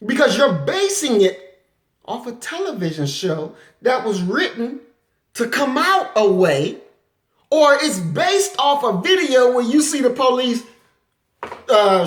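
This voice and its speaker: Woman lecturing, impassioned, forceful, high voice, echoey room. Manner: forceful, animated, breaks into acted quotes. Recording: roomy echo.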